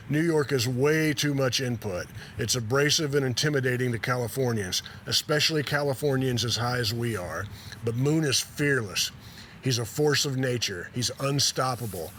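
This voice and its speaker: A laid-back man of middle pitch relaxes into a story, reading passages from a memoir in a casual, self-deprecating way. There is a faint hum of the room behind him. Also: a bit bright. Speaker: host telling a story.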